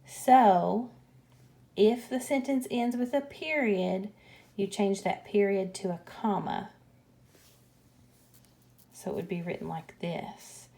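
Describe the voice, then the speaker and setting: A woman teaching a grammar lesson, explaining punctuation slowly and patiently. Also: medium pitch, warm tone.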